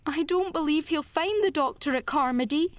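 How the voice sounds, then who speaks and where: A woman reading an audiobook, voicing a frightened young girl who pleads urgently for help in a much higher voice. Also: expressive, no room sound. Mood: tearful. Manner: breathless, urgent, slowed pleading.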